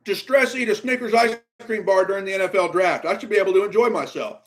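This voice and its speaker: A man reacting live to a football draft in an exasperated, ranting way, swinging between low muttering and sudden outbursts. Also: fast talker.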